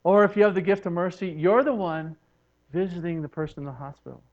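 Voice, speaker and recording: A man with a rather high voice teaches a church congregation. He slips into soft, hushed tones whenever he acts out what people say. The recording is dull and lo-fi. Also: fast. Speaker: preacher.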